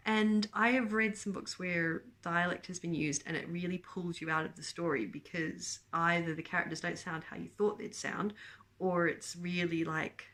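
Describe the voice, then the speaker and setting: Chatty New woman, lowish voice. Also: fairly even intonation, moderate pace, fairly bright tone. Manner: chatty, rambling, laughs often, many ums. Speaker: book vlogger. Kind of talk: casual book chat to camera.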